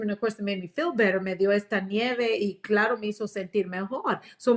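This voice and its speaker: A woman teaching a parenting class, repeating each point in English and with fillers and restarts. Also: mid-range voice. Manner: switches between English and Spanish, with fillers and restarts. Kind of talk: bilingual class talk, English then Spanish.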